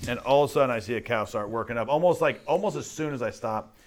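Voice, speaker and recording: Man telling a lively hunting story. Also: medium pitch, fast talker. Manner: animated storyteller, acts out his own lines. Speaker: podcast host. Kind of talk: casual hunting story chat.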